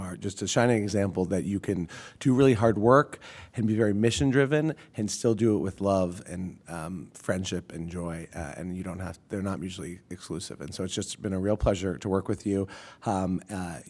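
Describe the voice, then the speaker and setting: A man, a board member, giving a warm, joking tribute at a public meeting, with many fillers. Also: low voice.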